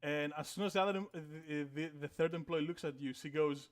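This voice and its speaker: Brief: casual male game master, slightly high voice, rambling with fillers. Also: brisk. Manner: casual, many fillers, swearing. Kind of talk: narrating a tabletop game.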